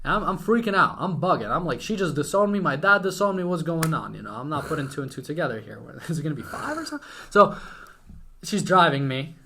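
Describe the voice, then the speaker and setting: A young man from Ukraine, a podcast guest, telling a story with excitement and casual swearing. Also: medium pitch. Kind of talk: animated storytelling.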